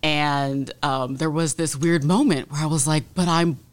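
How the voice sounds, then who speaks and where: A woman's voice: low-pitched, fairly even intonation, moderate pace. A woman from Detroit, an author being interviewed, answering in a thoughtful way with many ums. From Detroit, USA. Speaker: author guest.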